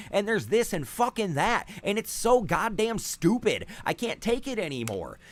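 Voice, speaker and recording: Profane ranting man, lively voice. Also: high voice. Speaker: podcast host. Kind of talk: casual ranting commentary.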